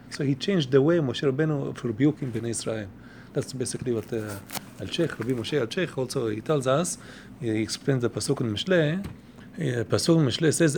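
A man teaching a Torah class who explains verses and commentaries, reeling off quotations quickly and repeating words as he goes. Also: medium pitch, gravelly, darkish tone, a little hiss or hum.

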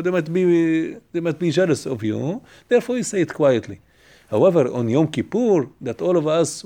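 A man teaching a Torah class. He reads Hebrew sources in a rapid chant, then explains them in English, halting with fillers and restarts. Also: on the high side, mellow.

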